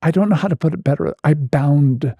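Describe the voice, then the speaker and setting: A man, a therapist appearing as a guest, telling a personal story in a vivid, animated and self-mocking way. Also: a little high, a little fast, husky, no room sound, highs cut off.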